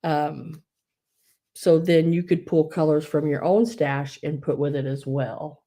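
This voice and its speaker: A low, mellow-voiced woman chats her way through a live online sale. She rambles, restarts her sentences and fills gaps with ums, and her breath is a little wheezy. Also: steady tone, unhurried. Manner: rambling, many fillers and restarts. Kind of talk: casual live sales chat.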